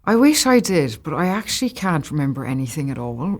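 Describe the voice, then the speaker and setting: Chatty Irish woman with a low voice. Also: fairly quick, few pauses. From Ireland. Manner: chatty, laughs often, animated. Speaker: actor guest. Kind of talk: casual interview chat.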